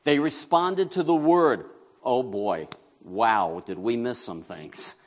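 A man's voice: medium pitch, expressive, slow pace. A man from New York preaching a sermon as pastor, talking conversationally, asking the congregation questions and joking with them.

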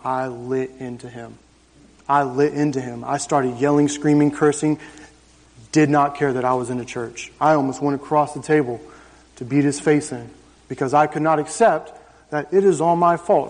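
A man in his thirties tells his testimony in a church. His voice sits a little high for a man, and his frank, conversational storytelling keeps landing on punchy repeated phrases. Long reverb from the hall trails behind every line. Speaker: guest giving a testimony. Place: church sanctuary.

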